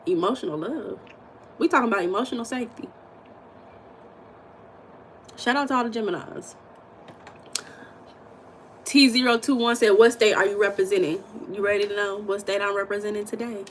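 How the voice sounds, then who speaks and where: An American woman hosting a casual livestream, chatting and reading viewer comments in a blunt, animated way, with occasional swearing and emphatic bursts. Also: medium pitch, normal speed, long pauses, a little hiss or hum, poor audio. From United States. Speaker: livestream host.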